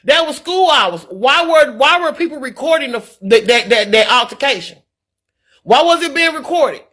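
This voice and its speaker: Livestreamer woman, middle-aged, earnest and preachy, bright tense voice, stumbles over repeated words. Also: high voice, lively intonation, normal speed. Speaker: livestreamer reading viewer comments. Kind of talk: candid live-stream talk.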